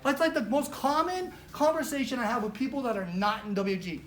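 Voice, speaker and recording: Woman, office trainer, casual pep-talk style, animated and chatty, roomy live room. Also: a little high, a little fast. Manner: animated, chatty, heavy use of "like", acts out quotes.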